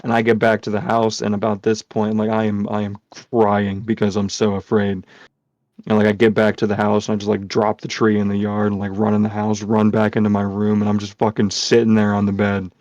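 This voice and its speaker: A man's voice: lowish voice, monotone, fairly quick, a little mellow, no room sound. A man hosting a podcast, telling a story casually, rambling with lots of swearing and filler words. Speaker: podcast host. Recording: dull lo-fi sound.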